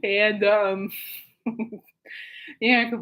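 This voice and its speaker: A woman's voice: medium pitch, moderate pace, long pauses. Giggly rambling woman podcaster. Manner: giggly, rambling, lots of fillers and restarts. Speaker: podcast host. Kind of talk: casual chat.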